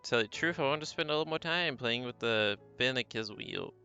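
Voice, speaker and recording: Reflective newlywed wife narrating a game story, read by a man; bright tone, dull lo-fi capture. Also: mid-range voice, lively intonation, brisk, creaky, faint music behind.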